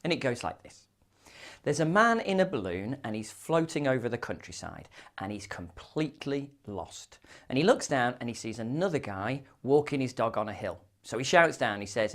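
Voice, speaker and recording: A man's voice: mid-range voice, lively intonation, moderate pace, fairly bright tone. A man speaks to an audience as a business speaker. He tells anecdotes wryly, and his voice rises and falls a great deal. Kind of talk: storytelling keynote talk.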